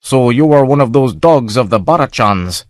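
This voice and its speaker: A man's voice: mid-range voice, expressive, normal speed, no echo, clean studio sound, voice pushed up, close to an everyday voice. A man voicing a grim, suspicious ship captain who demands answers harshly. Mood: hostile.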